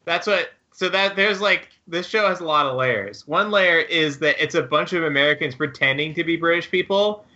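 A man with a bright, forceful voice and a slightly raised pitch, riffing wryly in a casual comedic chat. The audio is somewhat dull and lo-fi. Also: normal speed, few pauses. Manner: riffing, joking, wry.

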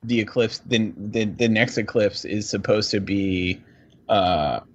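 A man with a low, husky voice chats on a podcast over muffled, lo-fi audio. He wanders through his answers, hedges a lot, and pokes fun at himself. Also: takes it slowly. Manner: rambling, hedging, self-deprecating. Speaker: podcast co-host. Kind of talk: casual podcast chat.

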